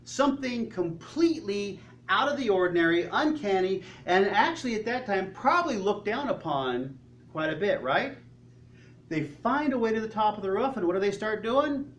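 A male pastor preaching a sermon, telling the story in an animated way and asking the congregation questions. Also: high voice, normal speed, muffled recording, a little hiss or hum. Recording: echoey hall, faint ambience.

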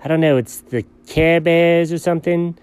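A man playing a scatterbrained, excitable male buddy in comedy banter, jumping between low mumbles and sudden high yelps. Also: normal speed, clean tone, lightly acted. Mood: goofy. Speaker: co-host.

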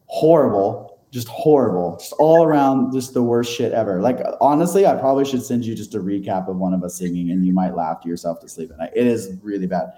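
A man's voice: lowish voice, a little fast, few pauses, mellow, roomy sound, slight background noise. A man telling a long story as an interview guest, rambling and self-deprecating, with many fillers and small laughs. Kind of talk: casual storytelling.

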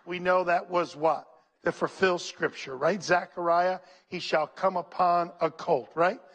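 Reading scripture and calling out to his congregation, a pastor preaches with a voice that sits high and moves a little slowly. His delivery is lively and preacherly.

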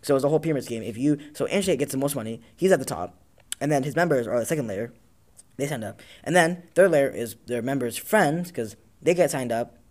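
A man's voice: mid-range voice, animated, fast talker, darkish tone. A man from Tacoma hosting a casual talk show, telling rambling, profane stories and acting out what people said. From Tacoma, Washington, US. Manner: rambling storyteller, profane, acts out quotes. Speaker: podcast host. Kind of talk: casual chat.

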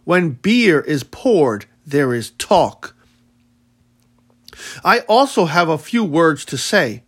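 A man's voice: fairly high pitch, sing-song, slow, pauses often, husky, heavily acted. A man voicing a grieving widowed mother who pleads formally before village elders, read as an audiobook. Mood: formal pleading. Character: grieving widowed mother, dignified then desperate. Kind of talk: audiobook reading.

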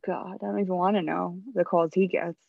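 A woman co-hosting a casual chat, agreeing quickly and adding her own stories. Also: fairly low pitch, fairly even intonation, vocal fry, dry recording, phone-quality sound. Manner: supportive, quick agreeing back-channels. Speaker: podcast co-host.

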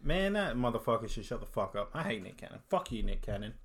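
An Australian man co-hosting a casual podcast, telling stories and teasing in a joking, deadpan way. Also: mid-range voice, fast. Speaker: podcast co-host.

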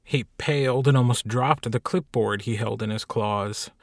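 With a medium-pitched voice at normal speed, this man narrates an audiobook in a wry, lively storytelling style. The scripted reading is a dry, studio-quality recording.

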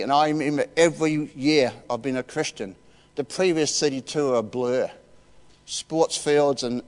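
A man's voice: medium pitch, clean tone. Older New man preaching in a hall. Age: 60s. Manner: heartfelt, emotional, emphatic. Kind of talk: personal testimony sermon. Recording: reverberant church hall.

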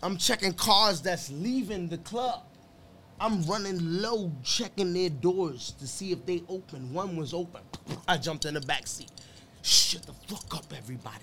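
A man telling a story in casual podcast chat, animated and profane, acting out quotes. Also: sits high, unhurried, a little hiss or hum. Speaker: guest.

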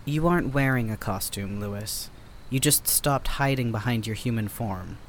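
Casting: a man playing a deadpan, formal, sardonic companion, mid-pitched, audio drama. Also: moderate pace, a little hiss or hum, natural voice. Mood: dry. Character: dry, sardonic, verbose male companion.

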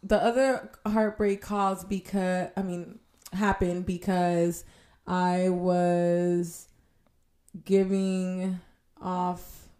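A young woman co-hosting a casual podcast, speaking haltingly with deadpan jokes. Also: on the low side. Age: young adult. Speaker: podcast co-host. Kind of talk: casual chat.

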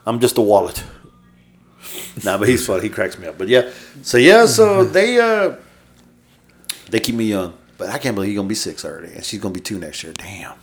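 Fifties male co-host, profane storyteller, lively up-and-down pitch, casual podcast banter. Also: fairly quick. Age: 50s. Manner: profane, joking, laughs often. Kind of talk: casual chat.

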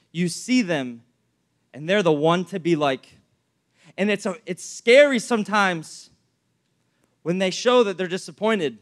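A young man preaching as a pastor, animated and storytelling, with frequent fillers. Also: sits high. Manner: animated, acts out anecdotes, many fillers. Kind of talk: sermon with storytelling.

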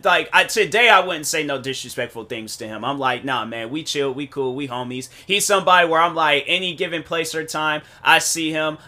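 A young man telling a long story on his podcast in a loose, meandering way, circling back again and again with "so anyways." His voice sits a little high for a man and sounds bright and forceful. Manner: rambling, with many restarts and "so anyways" asides. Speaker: podcast host. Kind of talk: casual storytelling monologue.

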